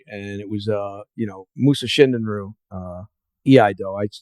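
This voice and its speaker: A man's voice: lowish voice, a little mellow, no room sound. A man hosting a podcast interview, telling long martial arts anecdotes with many fillers and acting out what others said. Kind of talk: casual storytelling interview.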